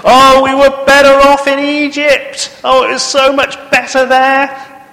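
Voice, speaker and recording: A man voicing grumbling Israelites, moaning in a shrill, raised voice about the desert. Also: completely flat delivery, unhurried, sharp tone, in a large hall, exaggerated voice. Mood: whining. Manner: shrill complaining moan. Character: whining grown-up Israelites in the desert.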